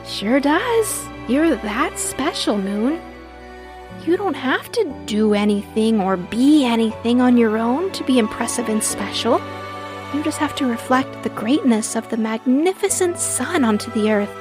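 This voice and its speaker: A woman's voice: fairly high pitch, a little slow, music in the background. A woman voicing a cheerful, encouraging astronaut mother in a children's audio story. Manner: bright, encouraging and expressive.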